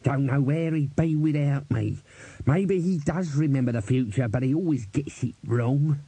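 A man's voice: mid-range voice, moderate pace, warm tone, slightly rough, no echo. Man doing a grumpy old manservant. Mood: muttering. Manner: grumbling, blustering, working-class speech. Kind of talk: audiobook character voice.

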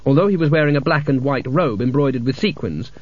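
A man narrating a comic fantasy novel as an audiobook in a dry, measured storytelling manner. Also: mid-range voice. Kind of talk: scripted narration. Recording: dull lo-fi audiobook recording.

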